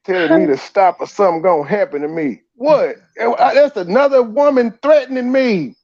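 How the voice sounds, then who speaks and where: A man hosting a casual livestream, ranting in animated, profane bursts and laughing at himself. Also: sits high, moderate pace, highs cut off. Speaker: host.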